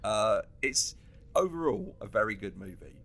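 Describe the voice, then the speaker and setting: A man co-hosting a casual comedy chat, animated and laughing often as he riffs. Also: lowish voice, normal speed. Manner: animated, laughs often, acts out quoted lines. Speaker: podcast co-host.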